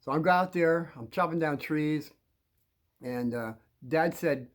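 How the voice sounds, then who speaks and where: A man's voice: fairly high pitch, takes it slowly. An older man from New Jersey, telling kids a rambling personal story with folksy, chuckling asides.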